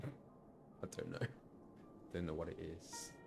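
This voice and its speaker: A man's voice: low voice, slow pace, creaky, music in the background. A man streaming himself playing a game, chatting casually and muttering asides as he tries to remember names. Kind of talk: casual live-stream commentary.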